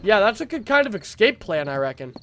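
A man streaming a horror game, talking to his chat with frantic, profane yelling reactions. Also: sits high, very animated, fairly quick, slight background noise. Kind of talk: live gameplay commentary to chat.

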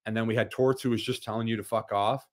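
A man chats as a podcast guest with a low voice, recorded dry and close. He tells stories loosely, restarting sentences and filling with "like." The talk is casual and unscripted. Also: steady tone, fast, no echo. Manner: storytelling, frequent restarts and "like" fillers. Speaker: podcast guest, former hockey player.

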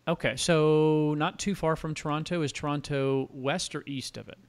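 A man's voice: a little high, fairly even intonation, moderate pace, clean tone. A man hosting a casual podcast interview, chatty and enthusiastic, with rambling asides. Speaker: podcast host.

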